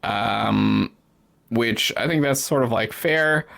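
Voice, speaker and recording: A man's voice: mid-range voice, slow, vocal fry, a bit bright. A man hosting a podcast, chatting casually in a rambling way, laughing often and swearing freely. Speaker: podcast host. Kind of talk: casual chat.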